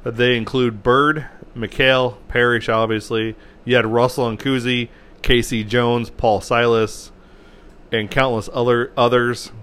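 A man hosting a solo sports history podcast, talking off the cuff in a rambling way, often correcting himself and clearing his throat. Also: mid-range voice, little pitch movement, unhurried, a bit bright. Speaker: podcast host.

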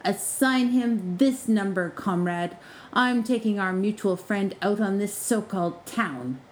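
A woman voicing a charming, scheming male sorcerer who speaks smoothly and flatteringly. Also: mid-range voice, a little slow, a little hiss or hum, natural voice, rough recording.

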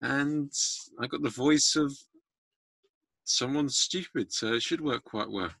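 A man's voice: mid-range voice, takes it slowly, creaky, a bit bright, husky, dry recording. A man hosting a podcast, chatting casually and making self-mocking jokes that ramble a little. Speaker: podcast host. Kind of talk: casual chat.

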